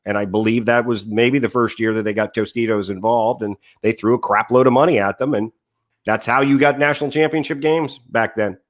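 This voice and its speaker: A man co-hosting a casual sports podcast, telling long stories with many pauses and fillers. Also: mid-range voice, fairly even intonation. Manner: rambling storyteller, many "uh" fillers. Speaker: podcast co-host.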